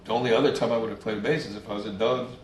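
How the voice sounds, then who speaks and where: A man with a lowish, fairly even voice talks rapid-fire, telling stories as a musician guest in a casual interview. He's laid back, swears freely and acts out what people said. The room sounds roomy with faint ambience and slight background noise.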